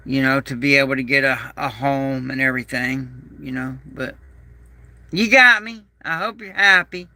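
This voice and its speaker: Slow gravelly man, tense and forceful. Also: a little high, dry recording. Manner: aggrieved, bitter, repeats himself. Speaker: prepper vlogger. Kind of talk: rambling personal monologue.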